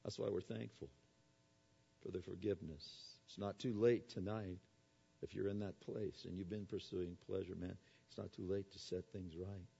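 A male pastor preaching a sermon, swinging between soft low lines and loud raised appeals. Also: steady tone, moderate pace, creaky, slightly rough, lo-fi sound.

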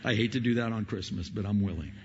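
A male pastor preaching an impassioned Christmas sermon, swinging between loud questions and low, soft appeals. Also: fast talker, a little hiss or hum. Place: church sanctuary. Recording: dull, hall reverb.

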